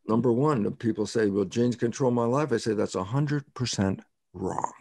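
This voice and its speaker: A man's voice: mid-range voice, moderate pace, gravelly, a little mellow, no room sound, studio quality. An older man being interviewed as a scientist, explaining in an emphatic way, repeating key words and quoting himself.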